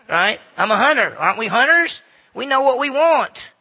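A man's voice: high voice, lively intonation, quick pace, sharp tone, husky. A man giving a humorous, folksy talk to a live audience, often asking the crowd questions. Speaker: speaker addressing an audience.

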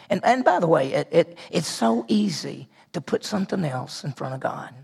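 A male pastor delivers an animated sermon to his congregation. His voice sits high and carries a gravelly rasp. He swings from loud emphatic declarations down to hushed, almost whispered prayer. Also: normal speed, hardly any pauses. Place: church sanctuary with congregation.

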